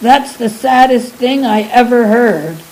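A woman's voice: on the high side, expressive, unhurried, darkish tone, a little hiss or hum, rough recording. A woman voicing a huge, furry male beast who fires off impatient, scolding questions in a storybook reading. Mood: scornful.

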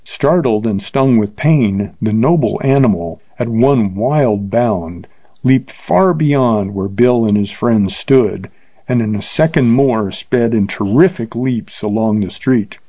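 A man reads an old Western adventure aloud at a steady, measured pace. His tone is mellow and warm, the recording is dry with no room echo, and the sound is a little dull. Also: mid-range voice. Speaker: narrator. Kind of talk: audiobook narration.

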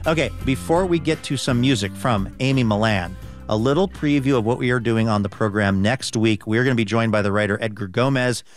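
A man hosting a radio show, reading brisk, friendly segment links. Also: medium pitch. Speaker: radio host. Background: music.

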